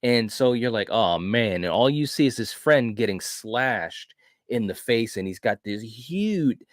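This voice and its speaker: A man hosting a film review podcast, retelling a horror movie in an animated, casual way with frequent restarts. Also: mid-range voice, a little slow, dry recording, studio quality. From grew up in a city. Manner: animated storyteller, frequent restarts and "you know".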